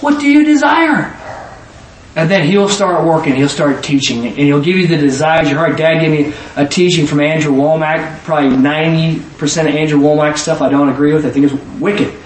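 A man delivers a sermon in a slightly high voice, animated and acting out back-and-forth conversations, now and then rising to a shout. He sounds some distance from the mic in an echoey church hall, with faint noise behind him. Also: a little fast, few pauses. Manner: animated, rising to shouts, quoting people in dialogue. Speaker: preacher.

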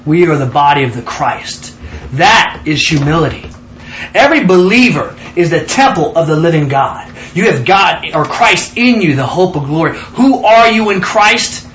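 Excitable high-voiced man teaching scripture. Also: normal speed, echoey room, dull audio, a little hiss or hum. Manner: excitable, emphatic, calls for responses. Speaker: Bible study teacher. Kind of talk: Bible study teaching.

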